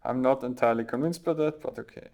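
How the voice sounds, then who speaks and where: A man's voice: medium pitch, quick pace, a little mellow. A man hosting a let's play, reading dialogue choices aloud and adding dry remarks, a German native speaker. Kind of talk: casual gameplay commentary.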